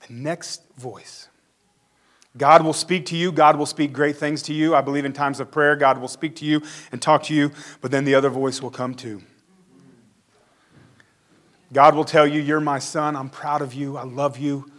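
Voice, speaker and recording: A man's voice: a little high, fairly even intonation, moderate pace, a bit bright. A male pastor giving a conversational sermon, acting out the quotes he reads.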